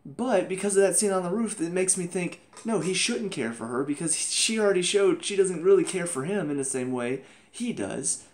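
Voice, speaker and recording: A man's voice: sits high, lively intonation, normal speed, darkish tone. A man giving a casual spoken TV review, exasperated and ranting, mocking the characters in put-on voices.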